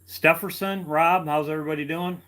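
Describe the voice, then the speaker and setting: A man hosting a casual online livestream, greeting viewers by name and talking slowly with many fillers and repeated phrases. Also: fairly high pitch, fairly even intonation, fairly bright tone. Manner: slow, halting, repeats himself with fillers. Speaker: online video host.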